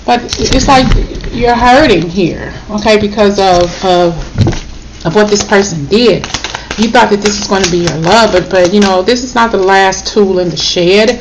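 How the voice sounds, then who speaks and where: A woman reads tarot in a loose, talky way, emotional and blunt, with swearing and a habit of tacking on "okay?". Her voice sits at a middling pitch. The recording is noisy, with clicking sounds behind her. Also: moderate pace. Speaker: tarot reader. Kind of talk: casual spoken tarot reading.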